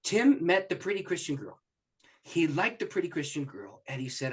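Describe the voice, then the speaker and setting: A man, a pastor, telling a story in an interview with lively, acted-out voices. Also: on the high side, moderate pace, breathy edge. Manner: animated storyteller who acts out voices and laughs often.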